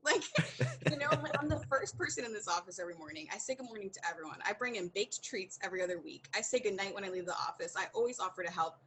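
A woman's voice: mid-range voice, fast, background noise. A woman as a podcast guest, telling a candid story with lots of acted-out dialogue and frequent laughter. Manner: animated, acts out quoted dialogue, laughs often.

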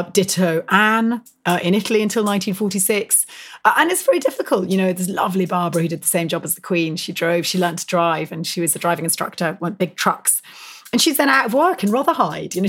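This is a woman guest in an interview, relating stories with brisk enthusiasm. She laughs easily and peppers her talk with "um" and "you know". Her voice sits at a mid pitch. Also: slightly rough. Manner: lively, laughs often, frequent fillers and restarts. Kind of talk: animated storytelling interview.

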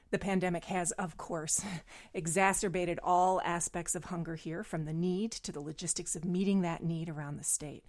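A woman hosting a news radio program, asking questions and introducing stories in a measured way. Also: lowish voice, darkish tone. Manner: measured, clear interviewer.

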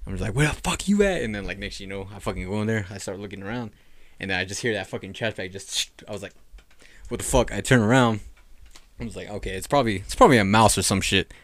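Young man, casual storytelling, low pitch, rambling, swears a lot, dry sound. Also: fairly even intonation, fast talker, a bit bright, no room sound. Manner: rambling, profane, lots of "like". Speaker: podcast host telling a ghost story.

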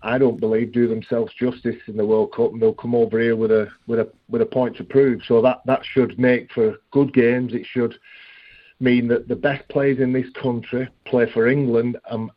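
A man who is a rugby league guest, talking earnestly in a phone-in interview, often restarting and repeating words. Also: medium pitch. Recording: dull dry phone line.

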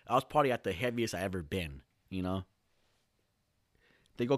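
A man's voice: sits low, animated, brisk, no echo, studio quality. A man hosting his own podcast, telling a long comic story in a rambling, heavily profane way with lots of restarts. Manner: rambling, heavy swearing, frequent restarts. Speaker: podcast host. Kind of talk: casual comedic storytelling. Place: lives in Southern California.

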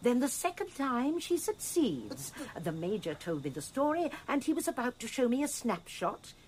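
Older woman sleuth, radio play, lively melodic delivery, crisp and insistent. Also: a little high, normal speed, slight background noise. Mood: explaining. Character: shrewd elderly spinster detective, determined. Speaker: amateur sleuth. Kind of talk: radio drama acting.

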